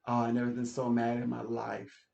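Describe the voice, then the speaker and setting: A man's voice: medium pitch, completely flat delivery, normal speed, creaky, a little mellow. A man talking in a casual, rambling monologue, laughing often and repeating words as he goes. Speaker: channel host. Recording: echoey room, slightly dull sound.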